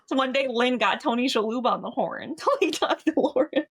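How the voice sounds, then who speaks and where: A woman's voice: a little high, lively intonation, a little fast. A young woman co-hosting a casual podcast, telling anecdotes and laughing. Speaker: podcast co-host. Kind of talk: casual chat.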